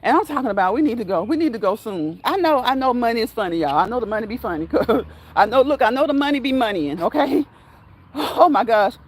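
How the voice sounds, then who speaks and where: Casual woman, livestream host, breathy and high, laughs often. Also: lively intonation, fast talker. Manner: laughs often until crying, talks straight to viewers. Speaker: livestream host reading chat comments.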